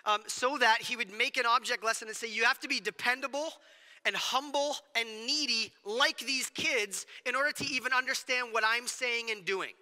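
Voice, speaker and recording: Bright high-voiced man preaching in a hall. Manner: conversational, animated preaching with quick asides. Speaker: pastor. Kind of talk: sermon. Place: church sanctuary.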